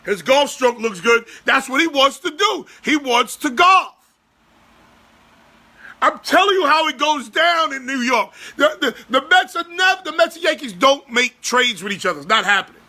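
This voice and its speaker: A man in his forties hosting a sports podcast, ranting loudly and profanely in exasperation. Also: very high-pitched, animated, normal speed. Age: 40s.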